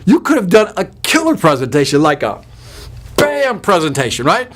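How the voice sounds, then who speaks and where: A man's voice: high voice, normal speed, background noise. A man hosting a live sales webinar, talking energetically and emphatically and reading out viewer comments as he goes. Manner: energetic and emphatic, with punchy repetition. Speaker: sales trainer hosting a live online workshop.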